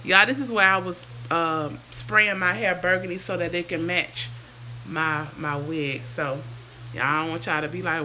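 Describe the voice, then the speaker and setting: A chatty woman talks casually on a home livestream, sounding sick and a bit hoarse. Her voice is bright and clear. A faint hiss sits under the recording. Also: mid-range voice, moderate pace. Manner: chatty, sidetracked, answers comments aloud. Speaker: hair vlogger on a livestream. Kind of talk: casual livestream chat reading viewer comments.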